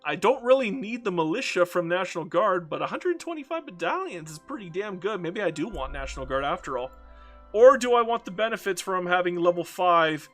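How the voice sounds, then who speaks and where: A man's voice: high voice, sing-song, a little fast, a bit bright, soft background music. A Canadian man with a Canadian accent giving casual, ranting commentary while playing a strategy game, swearing freely and repeating himself. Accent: Canadian English.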